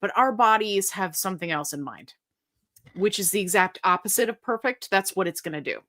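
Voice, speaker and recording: A middle-aged woman hosts a live question-and-answer stream, talking casually and warmly to her viewers. She reads their comments aloud and answers in a chatty, lively way. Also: medium pitch, fairly quick. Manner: chatty and animated, reads comments aloud, breaks into silly sung bits.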